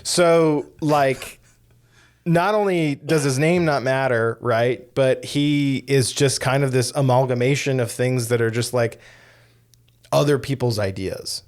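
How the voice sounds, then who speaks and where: A man co-hosting a podcast, talking casually about films with lots of fillers and quick tag questions. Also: medium pitch. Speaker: podcast co-host. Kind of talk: casual film discussion.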